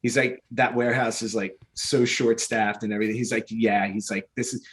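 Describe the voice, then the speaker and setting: A man co-hosting a casual podcast chat, telling an animated story and acting out both sides of his phone calls. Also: lowish voice, fairly quick. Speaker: podcast co-host.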